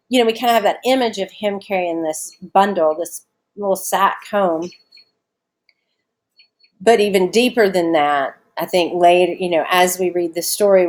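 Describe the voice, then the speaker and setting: A woman with a Southern US accent teaches a literature lesson to students at home. Her voice sits at a middle pitch, and her talk is casual and conversational. She breaks the text down step by step and often stops to ask her listeners questions. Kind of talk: recorded remote lesson on a short story.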